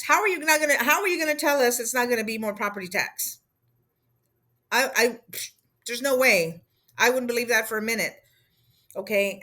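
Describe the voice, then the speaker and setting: Woman, rambling sarcastic political rant, fairly high voice, fed up. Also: bright, forceful tone. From Texas. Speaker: political commentator.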